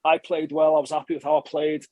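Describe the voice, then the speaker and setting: A man, a former rugby player, telling stories in a relaxed interview and chatting casually with frequent swearing and restarts. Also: fairly high pitch, quick pace, no room sound, dull audio. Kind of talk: casual conversational storytelling.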